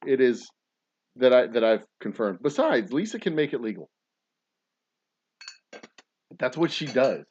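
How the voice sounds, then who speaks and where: A playful man chats casually as he mixes a drink, rambling into far-fetched stories that he tells with a straight face. His voice sits at a middle pitch, and the recording sounds a little dull. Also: expressive, moderate pace, a little mellow, breathy edge. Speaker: podcast host and distiller. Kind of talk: casual chat while mixing a cocktail.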